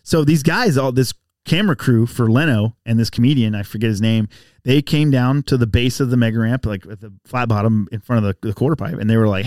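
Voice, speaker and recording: A man's voice: mid-range voice, fairly quick, no echo. Man, podcast guest, casual storyteller, does voices for people in the story, dry close mic. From Texas. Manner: animated, acts out voices in anecdotes. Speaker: podcast guest, bike rider.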